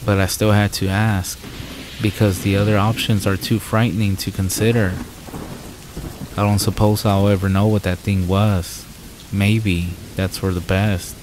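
Deep-voiced man narrating horror stories. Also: flat delivery, unhurried, background noise.

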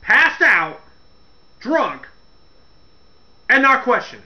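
A man hosting a casual comedic rant, laughing as he retells events in an animated way. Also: very high-pitched, drawn-out words, highs cut off. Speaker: wrestling commentary host.

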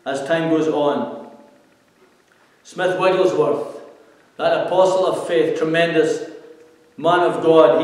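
A man, a senior minister, preaching an earnest, measured sermon that asks rhetorical questions. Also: high voice, darkish tone. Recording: echoey hall, voice from far off.

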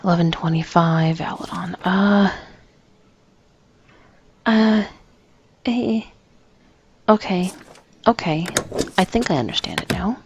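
A woman's voice: fairly low pitch, slow pace, long pauses. Flustered woman gamer, noisy recording. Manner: flustered, self-mocking, talks to the game characters. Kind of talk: let's play commentary.

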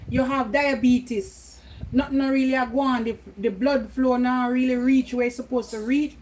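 With a high-pitched voice and slight background noise on poor audio, a middle-aged Jamaican woman talks at home for her vlog. She's chatty, laughs a lot and slips into patois.

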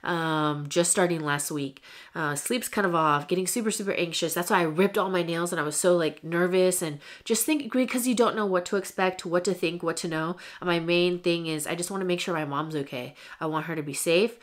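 A woman's voice: fairly low pitch, a little fast. A young woman vlogging straight to her viewers in a candid, chatty way, full of fillers. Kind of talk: casual talk to camera.

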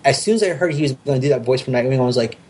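A man's voice: mid-range voice, expressive, racing, darkish tone. A man talking casually on a podcast, enthusiastic and rambling, with many restarts and fillers. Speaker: podcast host.

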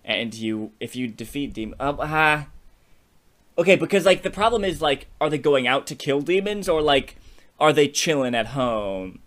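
Animated, laughing man brainstorming. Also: on the high side, moderate pace. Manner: animated, laughs often, keeps saying "you know what I mean". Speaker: podcast co-host. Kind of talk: casual creative brainstorming chat.

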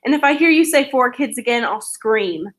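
A defensive middle-aged sister with curt, cutting replies, read out by a woman. Her voice sits a little high. It sounds like a storybook read aloud. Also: lively intonation, normal speed, close to an everyday voice.

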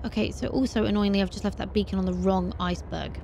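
A woman playing a video game, talking to herself in an animated way and breaking into startled exclamations. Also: medium pitch, quick pace, vocal fry, slight background noise. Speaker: let's play host. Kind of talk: gaming commentary.

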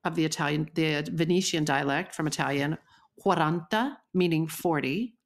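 A woman's voice: sits low, steady tone, a little fast. A woman co-hosting a podcast in casual chat, playful and going off on tangents, swearing freely. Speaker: podcast co-host.

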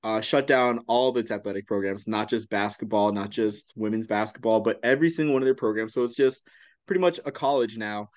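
A man's voice: fairly low pitch, brisk, dry recording. A congested man hosting a sports podcast, chatty and often restarting his sentences. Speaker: podcast host. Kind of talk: casual podcast interview.

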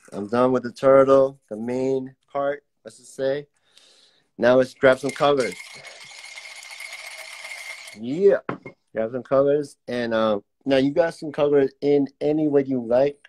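Unhurried and a little mellow, this young art teacher speaks at medium pitch with long pauses. He leads a relaxed, chatty live-streamed drawing lesson, reading out comments from viewers as he works.

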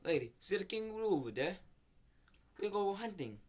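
A young man doing a hammy, put-on Australian accent as an excited hunter pointing out animals, with faint background noise. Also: high-pitched, normal speed, husky, voice pushed up, exaggerated voice. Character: loud, clumsy Australian male hunter.

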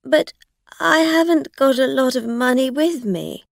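A woman's voice: high-pitched, unhurried, creaky, dry recording, clean studio sound, voice pushed up. A woman voicing a flustered tipsy driver, stammering. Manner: stammering, pleading. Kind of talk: storybook reading.

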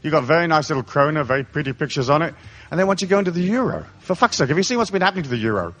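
This middle-aged spiritual lecturer, English-born and African-raised, talks very fast in a slightly high, fairly bright voice with big pitch swings. Before a live audience, he mocks and swears comically, slipping into put-on voices.

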